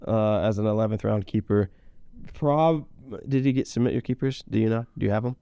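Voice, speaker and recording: A man's voice: fairly low pitch, fairly quick, dark tone, smooth, no echo, dull audio. A man co-hosting a podcast in a casual, rambling chat with playful teasing. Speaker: podcast co-host. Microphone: podcast mic.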